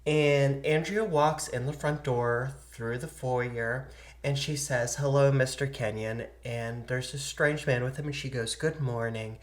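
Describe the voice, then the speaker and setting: A woman's voice: extremely low pitch, fairly even intonation, unhurried, roomy sound. A woman co-hosting a podcast, retelling a story in casual chat and acting out the voices of the people in it. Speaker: podcast co-host. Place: indoor podcast setup.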